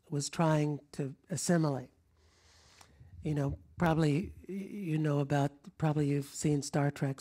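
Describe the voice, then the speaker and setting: A middle-aged man with a voice on the high side gives a storytelling talk before a live audience in a lecture room. Though he's from rural Kentucky, he speaks General American with the Kentucky accent trained out; he rambles warmly, chuckles, moves around and keeps restarting.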